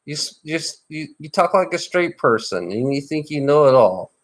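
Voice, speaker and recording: A man's voice: fairly high pitch, sing-song, moderate pace. A man chatting casually in a rambling, teasing way, often restarting and repeating his phrases. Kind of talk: casual chat.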